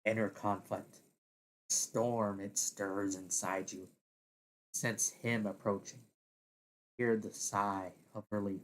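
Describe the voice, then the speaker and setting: Slow, deliberate male story narrator. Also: lowish voice, level tone, fairly bright tone, slight background noise. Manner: slow, deliberate, with occasional laughs at own slips. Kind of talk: second-person audio story narration.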